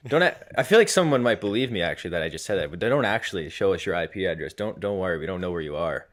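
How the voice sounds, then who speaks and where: A man's voice: sits low, lively intonation, fast talker, few pauses. A man co-hosting a podcast in casual chat, joking and rambling with restarts. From Massachusetts. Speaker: podcast co-host.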